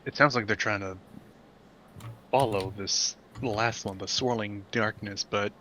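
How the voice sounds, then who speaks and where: A man's voice: lowish voice, fairly even intonation, unhurried, pushed and bright, slight background noise. A man playing a tabletop game, thinking aloud and weighing ideas in casual chat. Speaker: player.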